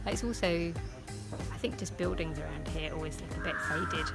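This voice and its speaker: A woman's voice: sits low, fairly even intonation, moderate pace, gravelly, loud music behind the voice. A woman travel vlogger chatting casually outdoors, thinking aloud with frequent ums. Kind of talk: casual travel vlog commentary.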